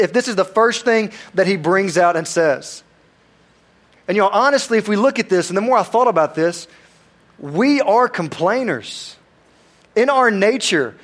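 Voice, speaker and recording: A man preaching a sermon, conversational and self-deprecating as he tells stories. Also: sits high. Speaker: pastor.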